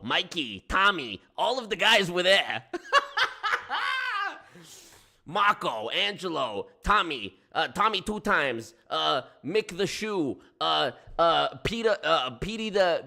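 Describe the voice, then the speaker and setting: A man putting on a bright loud New York mobster. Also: fairly high pitch, heavily acted. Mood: blustering. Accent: New York put-on. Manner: blustering, swearing, repeating himself. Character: brash profane middle-aged New York mobster man.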